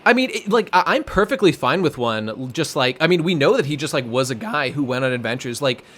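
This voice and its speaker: A young man co-hosting a podcast in casual chat, rambling excitedly with many fillers and some swearing. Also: mid-range voice, a little fast. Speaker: podcast co-host.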